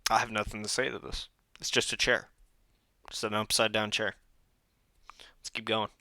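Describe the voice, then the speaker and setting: A man's voice: on the low side, little pitch movement, a little fast, vocal fry, bright, forceful tone, no echo. A man hosting a reaction video, commenting casually while he watches, joking and laughing often as he talks to himself.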